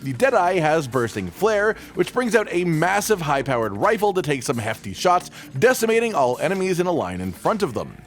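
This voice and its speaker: Lively man narrating a game guide. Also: fairly high pitch, normal speed, soft background music. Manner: casual and jokey, with swearing asides.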